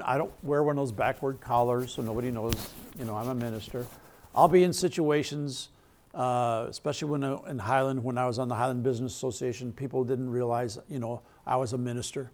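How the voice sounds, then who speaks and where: A man's voice: medium pitch, a little mellow. A male pastor preaching a sermon in a conversational way, asking the crowd questions and laughing between points.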